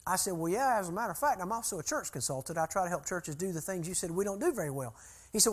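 A man's voice: sits high, expressive, fast talker, a bit bright. An older man preaching to a group, telling a long story in a folksy, conversational way. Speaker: preacher and church consultant. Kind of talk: sermon-style teaching with storytelling.

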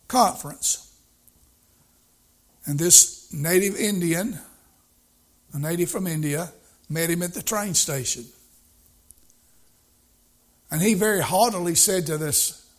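Man preaching a sermon, slightly high-pitched voice, folksy anecdotes, repeats lines for emphasis. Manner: folksy storytelling with emphatic repetition.

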